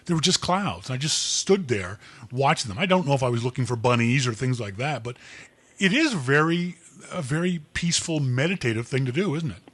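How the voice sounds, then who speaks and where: A man's voice: medium pitch, lively intonation, fairly quick, husky, dry recording. A Canadian man hosting a podcast, talking in a rambling, chatty way and correcting himself often. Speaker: podcast host. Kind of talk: casual podcast talk.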